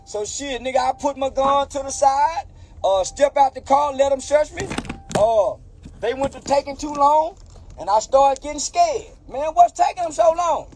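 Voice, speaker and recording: In a played clip, a male storyteller with an extremely high but darkish-toned voice drawls through a profane anecdote a little slowly. He acts out the dialogue, switching into the voices of the people involved. A slight hiss or hum sits under the audio.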